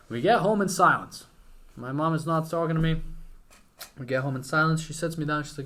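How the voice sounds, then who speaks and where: Excitable young man telling a story. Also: fairly high pitch, brisk. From Ukraine. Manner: excited, swears casually, lively retelling. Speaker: podcast guest, entrepreneur. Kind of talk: animated storytelling.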